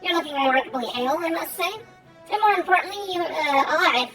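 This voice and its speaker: A woman's voice: sits high, fast talker, natural voice. A woman reading a game's dialogue aloud, voicing an eager, fussy male scholar in a theatrical manner. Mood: effusive. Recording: game music playing underneath.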